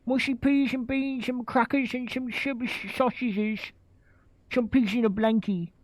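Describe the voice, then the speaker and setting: A man's voice: extremely high pitch, steady tone, a little slow, no echo, pitched above the performer's own voice, poor audio. A man putting on a crude, scornful man, swearing and sneering. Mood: mocking. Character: mocking loud British man, crude and scornful.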